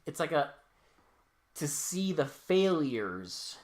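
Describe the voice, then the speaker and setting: A man's voice: on the high side, very animated, slow. A man co-hosting a podcast, recapping a movie in casual chat, swearing freely and acting out the characters' lines. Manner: profane, joking, acts out characters' lines. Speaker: podcast co-host.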